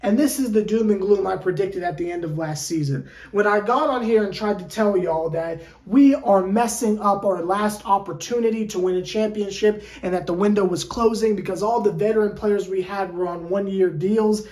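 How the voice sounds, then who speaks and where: A woman's voice: medium pitch, moderate pace, hardly any pauses, a little mellow, reverberant. A woman sports fan vlogger ranting in an exasperated, theatrical way, with lots of rhetorical questions. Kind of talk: fan reaction rant.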